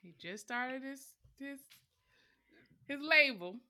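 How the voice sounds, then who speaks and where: A woman in her twenties co-hosting a podcast, upbeat and measured. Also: high voice, expressive, sharp tone. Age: 20s. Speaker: podcast co-host. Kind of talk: casual chat.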